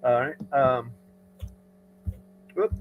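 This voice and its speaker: A man's voice: mid-range voice, steady tone, drawn-out words, phone-quality sound, a little hiss or hum. A man hosting a casual livestream chat, talking in an opinionated, rambling way with frequent restarts. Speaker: podcast host. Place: rural home studio.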